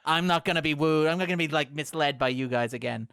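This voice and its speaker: Sex: man. Role: podcast co-host. Style: casual chat. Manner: chatty, hedging fillers. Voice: fairly high, smooth and resonant. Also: quick pace, fairly bright tone, no echo, clean studio sound.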